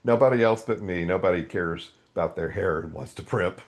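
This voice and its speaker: A man's voice: low-pitched, a little fast. A man in his sixties, a guest author animatedly telling a story in a podcast interview. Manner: animated storytelling with quoted dialogue.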